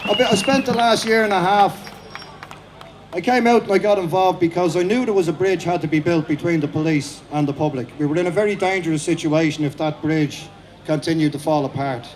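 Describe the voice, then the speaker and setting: A middle-aged Irish man giving a rousing, fast-paced speech at an outdoor rally. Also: fairly high pitch. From Ireland. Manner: fast-talking, repetitive, rousing. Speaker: speaker at a rally.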